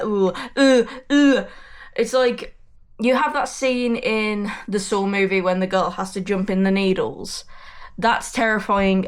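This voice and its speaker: Woman, casual vlog chat, middle pitch, blunt, rambling, swears a lot, indoors at home. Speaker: vlogger. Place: messy bedroom indoors.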